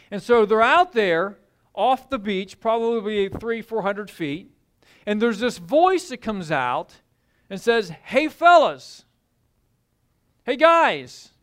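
A man delivers a sermon, retelling a story with lots of animation. His voice sits high and swoops widely in pitch. He acts out scenes as he goes. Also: smooth. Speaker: pastor.

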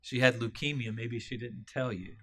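Grieving young mother voiced by a male storyteller, soft, polite, bright tone, plain retold-story reading. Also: mid-range voice, fairly even intonation, moderate pace, slightly rough. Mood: subdued.

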